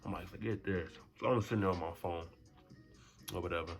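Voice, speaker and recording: A young man tells a story in a casual storytime vlog, animated and slangy. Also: fairly quick, soft background music. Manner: animated, swings to high voices for quotes. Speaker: storyteller vlogger.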